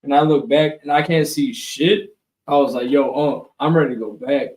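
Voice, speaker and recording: A man co-hosting a live webshow, telling a long profane story in a loose, animated way. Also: mid-range voice, normal speed, echoey room, recorded from a distance, rough recording. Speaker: co-host. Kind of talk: casual storytelling chat.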